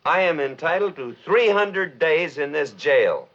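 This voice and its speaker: An actor playing a surly, sardonic American drifter in jail who talks gruffly and sarcastically. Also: male voice, fairly high pitch, animated, a little slow, a bit bright. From United States. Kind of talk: 1950s film acting. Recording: dull old film soundtrack with music.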